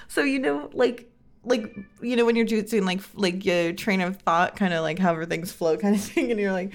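A young woman chatting casually and rambling on her own, sounding tired and sleepy, with heavy vocal fry and many fillers. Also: medium pitch, brisk. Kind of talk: casual solo chat.

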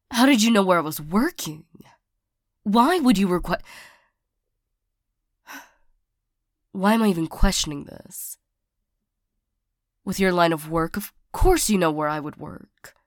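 Woman playing a halting, stammering ex-lover bodyguard. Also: on the low side, dry recording, clean studio sound. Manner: halting, stammering, frequent sighs. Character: female bodyguard, the listener's hurt ex-lover. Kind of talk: audio role-play to the listener.

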